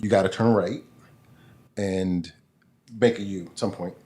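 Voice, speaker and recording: Animated man telling a story. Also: deep voice, a little slow. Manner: animated, vivid retelling. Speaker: guest. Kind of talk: casual storytelling.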